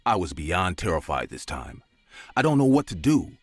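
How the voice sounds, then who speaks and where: A man's voice: very animated, moderate pace, dry recording, clean studio sound, faint music behind. A man narrating a scary story in a dramatic scripted style. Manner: dramatic, with big swings of pitch.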